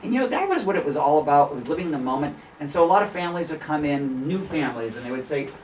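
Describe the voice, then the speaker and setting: A middle-aged photographer giving an informal slide talk to a gallery audience, an animated storyteller who laughs often and acts out the voices he quotes. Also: fairly high pitch, fast talker, far from the mic, a little hiss or hum. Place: small art gallery with an audience. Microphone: room recording from a distance. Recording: echoey gallery room, voice from off-mic.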